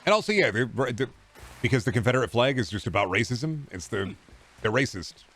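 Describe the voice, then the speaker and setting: A man's voice: mid-range voice, lively intonation, brisk, a bit bright. A young man from Texas, ranting sarcastically and profanely during a casual stream chat.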